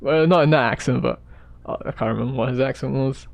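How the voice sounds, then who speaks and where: A fast-talking man with a medium-pitched voice and vocal fry chats loosely while sketching live, the audio sounding muffled. His laid-back rambling often fades into muttering as he works on the drawing.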